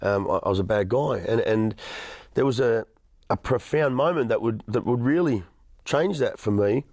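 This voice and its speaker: A man's voice: mid-range voice, moderate pace, darkish tone, no echo. A man in his thirties with an Australian accent, giving an emphatic personal testimony as an interview guest, often repeating words and restarting. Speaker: interview guest, motivational speaker.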